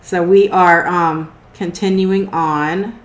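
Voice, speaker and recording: A woman's voice: fairly low pitch, slow. Woman narrating a game, echoey room. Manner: relaxed, descriptive, with fillers. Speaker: game master.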